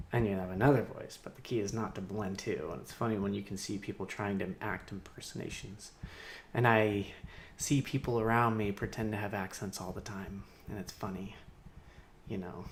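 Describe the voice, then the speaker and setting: A man talking alone on a livestream, rambling and laughing to himself, swinging between loud outbursts and muttered asides. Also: lowish voice, slight background noise. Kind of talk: rambling solo livestream monologue. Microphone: streaming mic.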